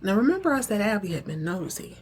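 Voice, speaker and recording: Her pitch swings widely and her pace is quick as this young woman chats through a TV soap recap on her casual solo podcast, tossing in playful asides and performing characters in higher voices. A little hiss or hum sits in the background.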